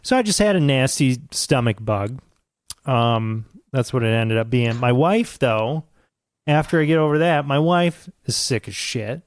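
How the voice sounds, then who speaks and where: A man's voice: medium pitch, expressive, a little slow, no echo. A man, co-hosting a podcast and telling rambling, profanity-laced stories in casual chat. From United States. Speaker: podcast co-host.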